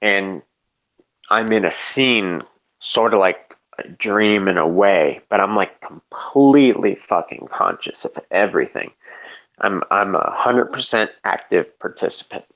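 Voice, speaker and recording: A man tells a long, meandering story in a relaxed chat, swearing freely and leaning on filler words as he goes. His voice sits fairly low. The audio is dull and lo-fi, like a home stream. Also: a little slow. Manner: rambling, profane, filler-heavy storytelling. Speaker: storyteller in a live debate chat. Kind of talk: casual chat.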